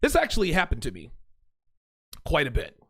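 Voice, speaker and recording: Blunt, profane man with a lively voice. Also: a little high, normal speed, breathy edge. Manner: blunt, profane, reads texts aloud. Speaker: host. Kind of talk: monologue to camera.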